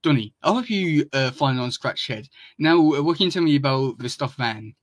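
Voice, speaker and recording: A man's voice: mid-range voice, expressive, a little fast, no echo, natural voice. A level-headed young turtle leader, patient but worn thin by his brothers, voiced close to the reader's own mid-range tone by a man reading fan fiction. The recording is dry and close. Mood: calm. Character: calm, weary male turtle leader, young.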